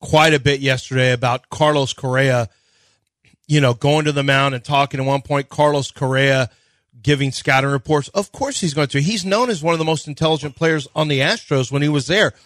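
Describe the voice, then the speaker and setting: A man co-hosting sports radio, breaking down pitching in an analytical way. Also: steady tone, a little fast, a bit bright, no room sound. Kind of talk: casual sports talk.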